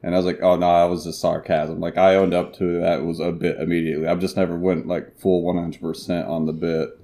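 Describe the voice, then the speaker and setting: Young male podcast host, low and dark-toned, deadpan story reader. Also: a little fast. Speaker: podcast host reading internet stories. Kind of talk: casual podcast chat and story reading.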